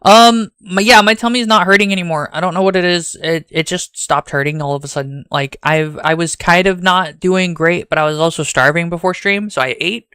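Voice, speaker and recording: A rambling streamer with a Southern US accent. He chats casually to his viewers in a fairly high, smooth voice that sounds dry and close. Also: a little fast, few pauses, sharp tone, dry recording. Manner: rambling and chatty, talks straight to chat.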